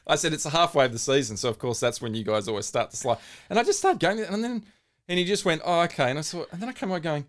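A man co-hosting a casual sports podcast, telling stories with rising excitement and mock outrage. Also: fairly high pitch, fast talker. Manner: animated storytelling, gets loud and excited retelling. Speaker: podcast co-host.

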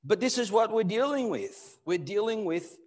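A male pastor giving a live sermon in church, moving between loud emphatic bursts and low, quiet asides. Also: animated, normal speed. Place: church hall.

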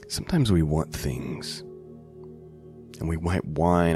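A man's voice: sits low, big pitch swings, measured pace, darkish tone, faint music behind. A man teaching a bible passage on a podcast in a conversational way, often checking in with the listener. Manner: conversational, asks the listener "right?" and "okay?".

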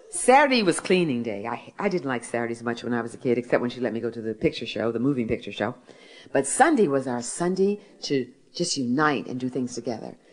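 A woman from Philadelphia, an author who tells stories in a gentle way and reads from her book. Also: a bass voice. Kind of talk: talk with a reading from her book.

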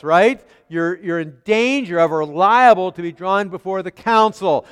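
A man preaching an expository sermon, asking his hearers rhetorical questions and swinging between quiet and emphatic delivery. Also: on the high side, clear, resonant tone. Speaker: pastor. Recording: long hall reverb.

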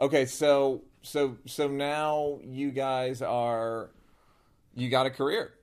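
A man's voice: medium pitch, little pitch movement, slow, darkish tone, clean tone. A man hosting a podcast in casual chat, rambling and digressive with plenty of swearing. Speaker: podcast host.

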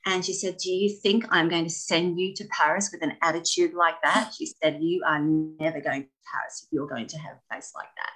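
A woman telling stories about her ballet training in a casual interview, animated and laughing often. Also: sits low, a little fast, few pauses, rough recording. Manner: animated, laughing, expressive storyteller. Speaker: guest, former ballet dancer.

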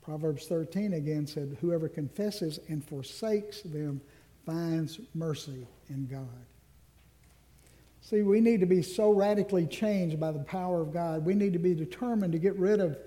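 A male minister delivers an earnest sermon in a high, mellow voice. He draws out the phrases that matter most and drops in the odd self-deprecating aside. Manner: earnest, slows down on key phrases. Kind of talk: Ash Wednesday sermon.

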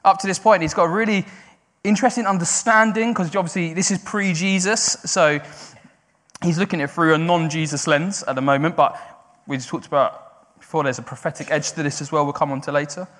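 A man preaching a sermon to a congregation. He swings between loud, raised cries and quiet, conversational explaining. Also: fairly high pitch, steady tone, fairly quick. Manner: builds to loud cries when quoting, then drops quiet and conversational. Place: church hall. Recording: long hall reverb.

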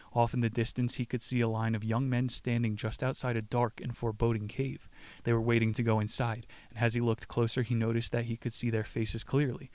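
A male podcast host who talks in a loose, joking way, swearing freely and laughing often. His voice sits in a middle pitch and sounds dry, with little room sound. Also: clear, resonant tone, dry recording. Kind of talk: casual book-summary talk.

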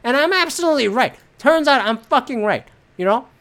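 A woman's voice: high voice, lively intonation, fairly quick, fairly bright tone. A woman hosting a solo podcast, ranting about politics bluntly and profanely, rambling with lots of fillers and restarts. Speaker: podcast host. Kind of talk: solo political commentary rant.

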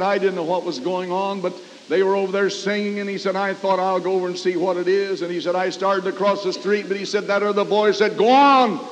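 Older American man preaching, high voice. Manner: storytelling with frequent "uh" fillers. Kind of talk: sermon. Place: church sanctuary. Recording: dull, hissy 1990s church tape with long reverb.

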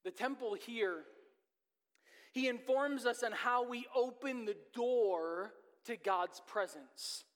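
A man with a fairly high voice preaches a sermon in a church, telling a personal story earnestly. His pace swings between rushed and drawn out, and the long reverb of the hall trails after each phrase. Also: a bit bright. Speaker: pastor. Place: church sanctuary.

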